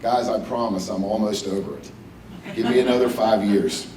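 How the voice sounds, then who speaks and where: A man's voice: lowish voice, normal speed, a little mellow, far from the mic, slight background noise. A middle-aged man from West Virginia giving a personal, joking hall of fame acceptance speech at a podium. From West Virginia, USA. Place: banquet hall with audience. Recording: echoey hall, speaker a bit off mic.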